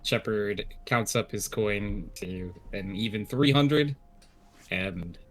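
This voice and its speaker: A man's voice: lowish voice, takes it slowly, faint music behind. A man playing a tabletop game who laughs often and hesitates with many fillers. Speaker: player.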